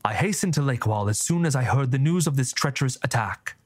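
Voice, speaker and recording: A man voicing a scheming, composed male church cardinal who speaks in measured, formal oratory. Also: medium pitch, lively intonation, no echo, natural voice. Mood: solemn.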